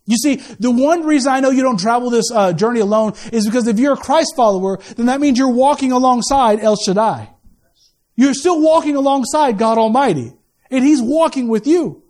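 A man's voice: extremely high pitch, animated, brisk, darkish tone. A man giving a sermon as pastor, casual and joking, often repeating his first words as he restarts. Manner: casual, joking preaching with many stammered restarts.

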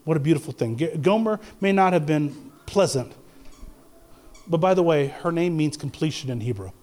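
A young male pastor with a noticeably high voice delivers a sermon. He talks casually, stumbling and restarting often, then climbs to insistent, emphatic peaks. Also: lively intonation, moderate pace, a little mellow. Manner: conversational preaching, rising to emphatic peaks.

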